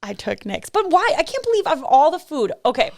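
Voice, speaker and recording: A woman's voice: sits high, big pitch swings, a little fast. A woman in her thirties co-hosting a podcast in casual chat, laughing often as she talks. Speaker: podcast co-host; mother.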